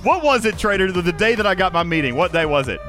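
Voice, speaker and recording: A man's voice: high voice, quick pace, soft background music. A man hosting a casual live stream, reading chat aloud and reacting with exasperation. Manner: animated, exasperated, reads chat comments aloud. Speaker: livestream host.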